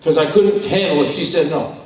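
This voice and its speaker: Older man, from New York, candid blunt storyteller, slightly high voice, booming hall echo, mic set far off. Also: fairly quick. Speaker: conference speaker. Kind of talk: personal testimony talk. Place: large conference hall.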